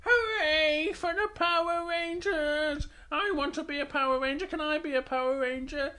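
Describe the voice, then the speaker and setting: Dad doing a squeaky eager little bear cub. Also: male voice, slow, full character voice. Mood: excited. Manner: squeaky, excited and polite. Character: small eager young bear cub, boy.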